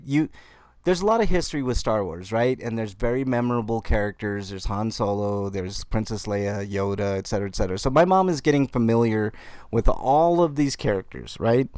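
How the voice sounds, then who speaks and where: A man hosting a podcast, telling a story with animated mock outrage. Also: medium pitch, no echo. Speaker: podcast host. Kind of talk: casual chat.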